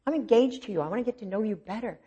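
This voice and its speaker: Woman, middle-aged, sermon testimony, earnest storyteller, breathy husky tone. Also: a little high, expressive, rapid-fire. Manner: earnest, storytelling, swings between soft and emphatic. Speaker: preacher.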